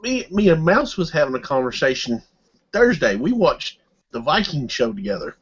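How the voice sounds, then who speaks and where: A man's voice: fairly high pitch, big pitch swings, moderate pace, breathy edge. A man with a Southern US accent chatting in an easygoing, laid-back way. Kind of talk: casual chat. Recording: dull lo-fi audio.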